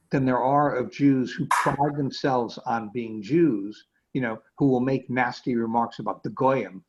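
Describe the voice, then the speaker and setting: A man's voice: mid-range voice, slight background noise. A male rabbi giving a conversational class, hesitant, with many fillers and restarts, over a video call. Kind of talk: conversational lecture. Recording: dull lo-fi video call audio.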